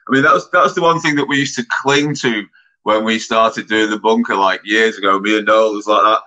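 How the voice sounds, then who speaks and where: A man's voice: lowish voice, steady tone, brisk, pushed and bright, poor audio. A man joining a casual podcast chat, bantering with the hosts and calling everyone mate. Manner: bantering, keeps saying mate. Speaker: podcast guest.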